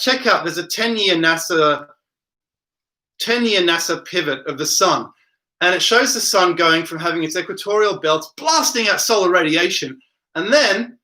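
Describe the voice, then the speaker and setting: A man with a high, very bright voice hosts a casual late-night livestream from home. He reads viewer comments aloud and wanders off into rambling replies. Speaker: livestream host reading chat.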